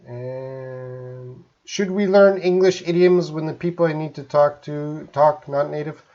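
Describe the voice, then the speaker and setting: A man from Canada, an English teacher, answering viewer questions in a live-stream lesson, talking slowly and choosing his words carefully. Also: on the high side, warm tone, dull audio. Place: home in Korea, live stream.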